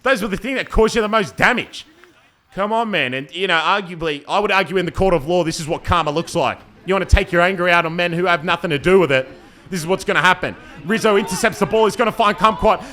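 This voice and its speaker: A young man giving playful, joking commentary over his own amateur football match, breaking into excited shouts. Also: high voice, fairly quick. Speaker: football commentator and team player.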